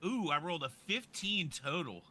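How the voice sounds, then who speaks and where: A man's voice: fairly high pitch, expressive, normal speed, pushed and bright. A man playing a tabletop game who eagerly asks questions about his turn. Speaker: player. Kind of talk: casual chat.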